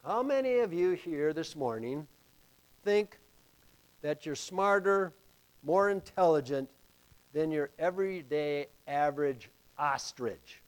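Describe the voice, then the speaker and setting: Slow, emphatic male preacher. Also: on the high side, animated, smooth. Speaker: pastor. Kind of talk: sermon.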